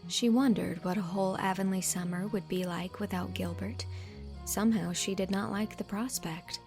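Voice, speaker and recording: Woman narrator, audiobook, expressive and measured, gravelly voice, faint music. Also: mid-range voice. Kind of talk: scripted narration.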